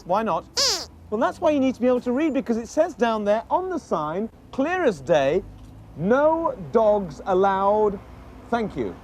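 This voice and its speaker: A man's voice: very high voice, normal speed, background noise. A man with a British accent presenting a children's show, talking playfully and patiently to a puppet. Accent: British English. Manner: animated, teasing, patient.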